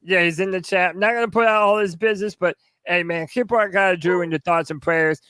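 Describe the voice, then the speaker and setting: Hyped high-voiced podcast co-host man. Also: a little fast, clean tone, dry recording. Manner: hyped, energetic, shout-outs. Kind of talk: casual sports podcast chat.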